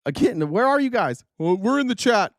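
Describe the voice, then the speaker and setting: A man's voice: sits high, very animated, normal speed, dry recording, clean studio sound. A man hosting a political livestream, ranting in a heated, profane and sarcastic way, and often restarting his sentences mid-thought.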